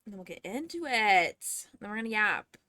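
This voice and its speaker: A woman's voice: mid-range voice, very animated, normal speed, bright, forceful tone, dry recording. A young woman hosting a livestream at home, chatting and ranting casually with frequent swearing, a little out of breath. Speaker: livestream host. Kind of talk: casual chat to viewers.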